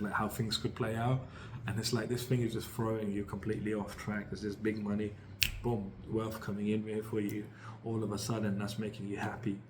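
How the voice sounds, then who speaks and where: A man's voice: on the low side, background noise. A British man giving a casual, rambling tarot reading, upbeat and full of fillers and restarts. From United Kingdom. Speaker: tarot reader.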